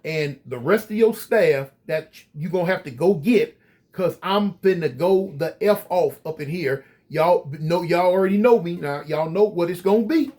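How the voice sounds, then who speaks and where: A man casually telling a story straight to his viewers, animated and full of slang. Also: high-pitched, normal speed. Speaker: storyteller recounting prison life.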